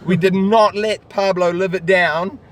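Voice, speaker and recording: Tipsy from drinking, a man vlogs from a car stuck in city traffic, trading rambling, crude jokes with a friend. His high-pitched voice is a little slow with fairly even intonation, and loud street traffic noise dominates the audio.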